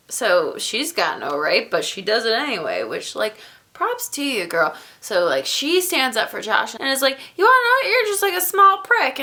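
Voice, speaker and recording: A woman's voice: medium pitch, pushed and bright. A young woman giving a casual, rambling book review, with jokey asides and little quoted voices.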